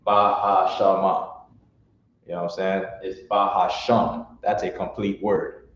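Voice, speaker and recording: A man's voice: deep voice, flat delivery, moderate pace. A man teaching a classroom lesson on pronunciation, sounding out syllables one by one in a blunt, informal way. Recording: echoey room from far off, dull lo-fi.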